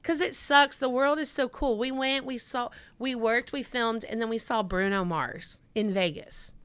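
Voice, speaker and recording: A woman's voice: on the high side, measured pace, a bit bright, smooth. A woman from Mississippi, a podcast guest chatting casually and acting out her own quotes as she tells stories. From Mississippi, USA.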